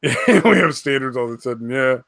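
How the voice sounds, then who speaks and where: Bright, dry-voiced man joking on stream. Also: medium pitch, lively intonation, normal speed, vocal fry, no echo. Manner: laughing, profane, self-mocking banter. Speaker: stream host. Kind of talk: casual livestream chat.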